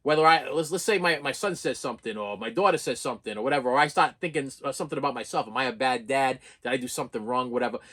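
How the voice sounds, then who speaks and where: A man's voice: mid-range voice, racing, hardly any pauses, fairly bright tone. A man in his fifties giving a raw, emotional personal rant to camera, full of stammering restarts and repeated phrases. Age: 50s. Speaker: vlogger.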